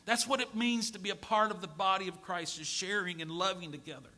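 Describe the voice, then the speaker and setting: A middle-aged man preaching a sermon as a pastor, moving from hushed storytelling to pleading shouts. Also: high voice, steady tone, brisk, few pauses. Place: church sanctuary.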